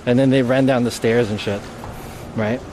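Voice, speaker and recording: A man's voice: mid-range voice, fairly even intonation, normal speed, a little mellow. A man live-streaming outdoors in light rain, telling a story in a rambling, cursing way full of "like". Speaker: IRL streamer. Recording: street noise behind.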